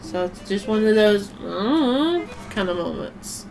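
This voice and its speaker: A woman's voice: mid-range voice, sing-song, takes it slowly, gravelly, over music. A woman streamer chatting casually while she plays a game, rambling and swearing offhandedly. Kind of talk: casual chat while gaming.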